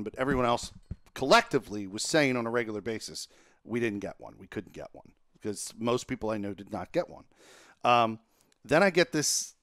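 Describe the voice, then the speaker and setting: A young podcast host tells a profane, animated story on a casual gaming podcast. His medium-pitched voice climbs sharply when he gets exasperated, and the recording is dry and close with no room echo.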